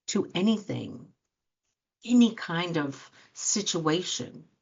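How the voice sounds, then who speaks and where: A woman life coach giving an earnest motivational talk to listeners, acting out quoted reactions as she speaks. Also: on the low side. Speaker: life coach and show host. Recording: dull lo-fi sound.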